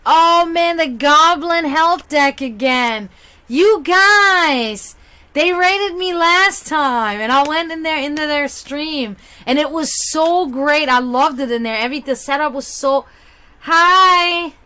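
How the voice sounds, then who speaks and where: Woman, German accent with a hint of Slavic, native German speaker, pitched a bit high; chatty livestream host with a bubbly, swinging delivery. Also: takes it slowly, sharp tone. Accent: German with a slight Slavic touch. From half German, half Serbian. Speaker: psychic reader and livestream host. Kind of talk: casual livestream chat.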